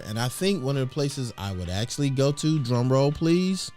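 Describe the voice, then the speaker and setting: A man's voice: mid-range voice, expressive, normal speed, hardly any pauses, a little mellow, faint music behind. A middle-aged man hosting a live show, chatting in a rambling, slangy way with lots of fillers. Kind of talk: casual livestream chat.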